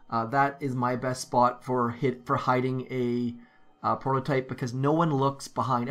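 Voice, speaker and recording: Guy talking through his game base, chatty, lots of ums, mid pitch, just thinking out loud. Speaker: gaming YouTuber. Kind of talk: casual gameplay commentary.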